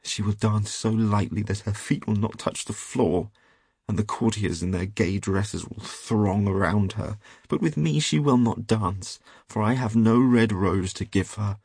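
Guy reading a heartbroken young student from a fairy tale, low husky voice, kinda pleading. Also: measured pace, darkish tone, no room sound, clean studio sound. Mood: despairing. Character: young lovesick male student, despairing.

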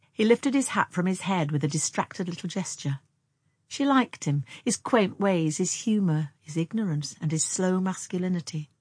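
A woman narrates a novel in a measured, even way. Her voice is husky and fairly low. The sound is dry and close. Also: no echo. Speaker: audiobook reader.

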